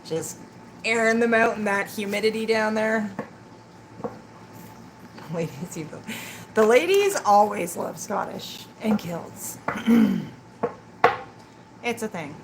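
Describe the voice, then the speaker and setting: A woman's voice: mid-range voice, expressive, slow, pauses often. A woman doing a live-stream tarot reading, chatting and teasing with her viewers and laughing often. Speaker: tarot reader. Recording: clear background noise.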